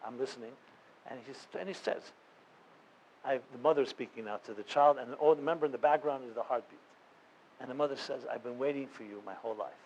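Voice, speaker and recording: A man's voice: mid-range voice, a little mellow, a little hiss or hum, poor audio. A man, a rabbi, telling a story to a live audience in an earnest, conversational way, with many fillers and restarts. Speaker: rabbi and guest speaker.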